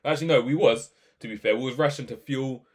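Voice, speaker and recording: A young man giving casual, animated reaction commentary, ranting and firing off questions. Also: mid-range voice, fast. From England. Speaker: video reaction host.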